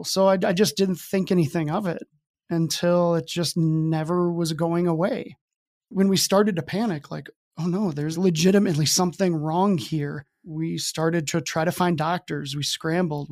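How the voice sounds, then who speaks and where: A man with a fairly high voice, recounting a hard stretch of life as a podcast guest. He talks in a casual, candid way and drops in dry jokes at his own expense. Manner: casual, candid, with wry self-deprecating humor. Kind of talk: candid storytelling.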